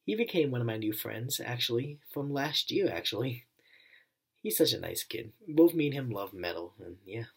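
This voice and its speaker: A young man speaking to camera in a heartfelt thank-you vlog, his voice soft and husky with a breathy edge. He keeps circling back to the same simple phrases, and his voice wavers and chokes up. The delivery is plain and sincere, never polished. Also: mid-range voice, sing-song, moderate pace. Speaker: channel owner.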